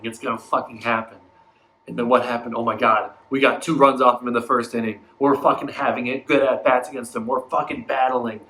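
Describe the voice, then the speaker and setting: A man vents in a profane, exasperated rant, breaking into mocking voices with a mid-pitched voice. The room around him rings, and faint noise sits underneath. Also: a bit bright, roomy sound, low-quality recording. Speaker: baseball fan vlogger. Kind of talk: casual ranting vlog.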